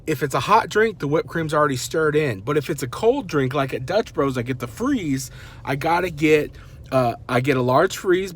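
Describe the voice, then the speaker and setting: Animated self-mocking dad telling a story. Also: male voice, fairly high pitch. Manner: animated, self-mocking, acts out the people he quotes. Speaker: vlogger dad. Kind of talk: casual storytelling.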